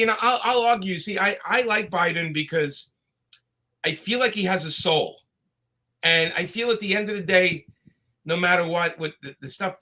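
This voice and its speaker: A Brooklyn man talks over a video call in a high, bright voice. He's a chatty guest who tells stories and gives his opinions easily. The accent stays thick the whole way through, with quick asides between his points. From Brooklyn, New York. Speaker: guest comics creator. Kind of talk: casual live chat.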